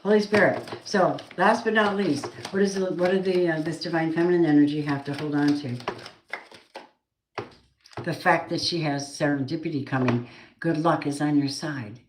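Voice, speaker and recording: A woman's voice: low-pitched, moderate pace. A woman giving a casual tarot card reading, chatty and blunt, swearing now and then. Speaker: tarot reader. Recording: roomy echo, faint noise.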